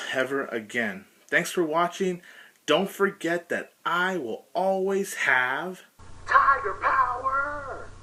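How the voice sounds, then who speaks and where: Slow, frustrated man ranting in a review. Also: medium pitch, sharp tone. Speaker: episode reviewer. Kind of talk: cartoon episode review rant.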